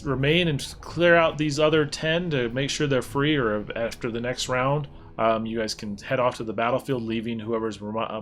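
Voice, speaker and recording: A man narrating as game master of a tabletop game, in a relaxed, easygoing way with many pauses. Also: mid-range voice.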